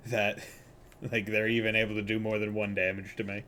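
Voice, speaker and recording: A man's voice: fairly low pitch, fairly even intonation, moderate pace, noisy background. A young man casually commenting on his gameplay as a streamer, rambling and joking with lots of filler words. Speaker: gaming streamer. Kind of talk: casual let's-play commentary.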